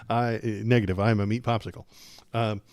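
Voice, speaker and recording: A man's voice: lowish voice, flat delivery, moderate pace, a little mellow, clean tone, no echo, clean studio sound. A man hosting a political livestream, talking casually with a sarcastic, rambling, jokey manner.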